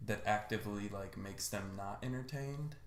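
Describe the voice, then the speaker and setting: A man's voice: fairly low pitch, normal speed. A man co-hosting a podcast, joking around in slangy, profane casual chat. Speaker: podcast co-host. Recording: roomy echo with faint noise.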